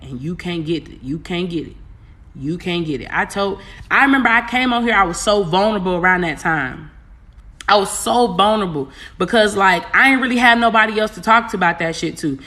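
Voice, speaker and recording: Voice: mid-range voice, sharp tone. A spiritual coach in a casual, candid talk to viewers, rambling, repeating phrases and using slang.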